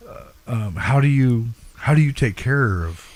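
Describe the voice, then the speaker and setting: A man hosting an interview, asking questions in a halting way, full of ums and restarts. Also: mid-range voice, animated, no echo. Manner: halting, many fillers and restarts. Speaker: interview host. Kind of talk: casual interview chat.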